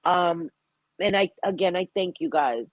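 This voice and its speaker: A woman's voice: lowish voice, a little slow, dry recording, muffled recording. A woman hosting a live stream, talking heartfelt and rambling about grief, with a stuffy nose and frequent laughter. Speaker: livestream host. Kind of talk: emotional live-stream chat.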